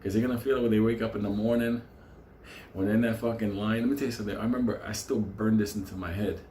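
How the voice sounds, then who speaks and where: A channel host with a lowish voice talks fast in a casual monologue, telling profane stories and laughing as he goes. He's an animated storyteller, recorded in an echoey room with faint ambience and a little hiss or hum.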